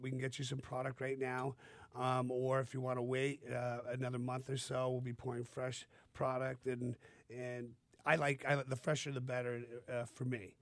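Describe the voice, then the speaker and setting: A man's voice: mid-range voice, completely flat delivery, normal speed, no echo. A man guesting on a radio show, talking about his small business in a friendly, rambling way. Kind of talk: casual radio interview. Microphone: studio microphone.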